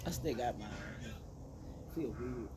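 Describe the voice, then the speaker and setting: A young man in casual chat, jumping in with quick, playful additions to a shared made-up story. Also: medium pitch, music in the background. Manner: chimes in with quick playful interjections. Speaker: co-host.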